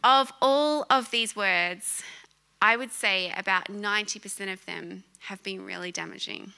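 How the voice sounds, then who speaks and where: A woman in her thirties preaching a sermon, telling a personal story in an animated way and laughing often. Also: medium pitch, unhurried, vocal fry, clear, resonant tone.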